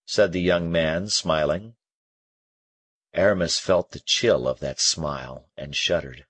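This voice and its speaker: A man narrating an audiobook in a measured, expressive way with a husky voice. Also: a bass voice, dry recording. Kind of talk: scripted narration.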